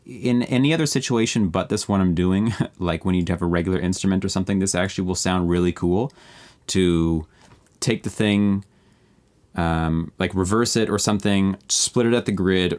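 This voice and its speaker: Building a beat live for his viewers, a producer streamer talks in a deep, somewhat mellow voice. He keeps it casual, thinking aloud while he edits tracks.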